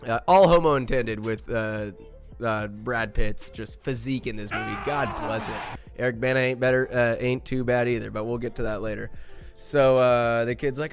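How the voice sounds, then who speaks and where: A man's voice: medium pitch, clear, resonant tone. A young man hosting a podcast, rambling enthusiastically through a comedic movie recap with crude jokes. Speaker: podcast host.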